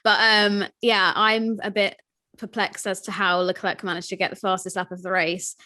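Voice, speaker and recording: Young girl chatting on a podcast call, chatty, laughs a lot, mid pitched voice. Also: level tone, normal speed, bright, forceful tone. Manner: chatty, laughs often, puts on mock voices. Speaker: podcast co-host. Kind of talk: casual chat. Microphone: video call.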